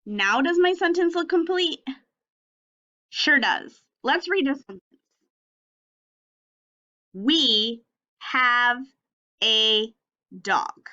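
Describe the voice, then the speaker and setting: A woman teaching young children a phonics and sentence lesson on video, speaking slowly and clearly in an encouraging way. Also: sits high, lively intonation, sharp tone. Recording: slightly dull lo-fi audio.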